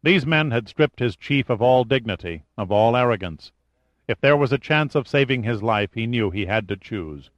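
A man's voice: medium pitch, lively intonation, normal speed, no room sound. Man narrating an audiobook, dry and close. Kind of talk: scripted narration. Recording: dull lo-fi audiobook recording.

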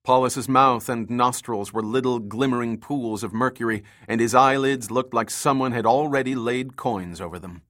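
A man's voice: mid-range voice, normal speed, few pauses, a bit bright. Man narrating a thriller audiobook. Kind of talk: scripted narration.

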